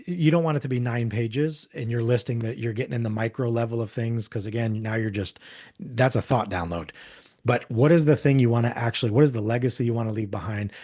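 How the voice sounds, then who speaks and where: An earnest man in his forties tells his stories as a podcast guest. His husky voice sits at an ordinary middle pitch. He talks casually and with heartfelt warmth. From upstate New York. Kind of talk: casual conversational storytelling.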